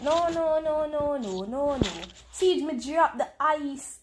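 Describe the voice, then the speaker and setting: A woman with a Jamaican accent commenting live on her game, excitable and teasing her opponent. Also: high voice, measured pace, noisy background. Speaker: game streamer.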